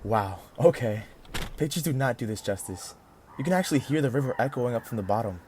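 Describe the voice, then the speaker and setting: Man voicing an earnest young hero-narrator, medium pitch, reflective, faint hiss. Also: expressive, a little fast, a little mellow, close to an everyday voice. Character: devoted young husband missing his far-away wife. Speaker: narrator and lead character.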